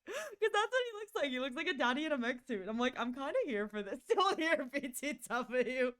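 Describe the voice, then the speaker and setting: Giggly high-voiced woman streamer. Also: very animated, fairly quick, a bit bright. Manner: giggly, rambling, playful, stutters on restarts. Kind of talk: casual stream chat.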